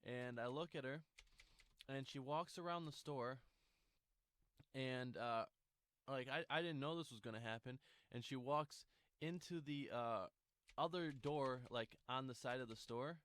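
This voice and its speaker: A man's voice: mid-range voice, unhurried, fairly bright tone, clean tone, no echo. A young man telling a casual storytime, rambling with lots of fillers and restarts.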